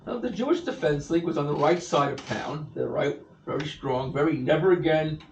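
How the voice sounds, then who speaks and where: An older man in his sixties giving an animated storytelling speech to an audience at an event, acting out the people he quotes. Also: a little high, fairly quick, slight background noise. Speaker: event speaker. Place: event hall. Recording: echoey room, far from the mic, dull sound, faint ambience.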